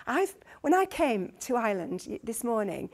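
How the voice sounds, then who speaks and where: Woman, Lancashire accent, middle-aged, slightly high voice, conference speaker, earnest storytelling, frequent restarts. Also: big pitch swings, moderate pace. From Lancashire, England. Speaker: guest speaker, consultant midwife. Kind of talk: conference talk.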